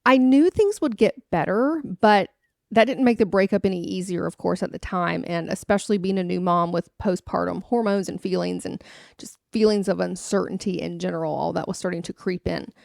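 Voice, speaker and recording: A woman's voice: lowish voice, fairly quick, vocal fry, darkish tone, dry recording. Earnest woman podcaster, dry close sound. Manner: earnest and confiding. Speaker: podcast host. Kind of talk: personal storytelling.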